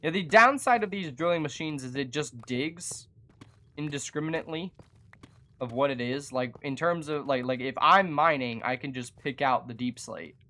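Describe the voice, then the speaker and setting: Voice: medium pitch, moderate pace, sharp tone. Chatty self-mocking gaming streamer. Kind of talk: casual live gameplay commentary.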